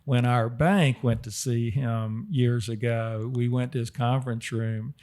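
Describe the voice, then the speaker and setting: A middle-aged man, a guest on a podcast, telling stories in a casual, animated way. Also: mid-range voice, a little slow. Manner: animated, chuckling storyteller. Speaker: podcast guest, architect and developer. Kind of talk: casual anecdotal storytelling.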